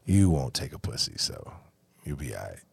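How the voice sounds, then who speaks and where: A man in his forties hosting a podcast, chatting casually with blunt, profane talk that often drops to a low mutter. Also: very animated, normal speed, vocal fry, slightly rough, no echo. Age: 40s. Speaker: podcast host. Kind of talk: casual chat.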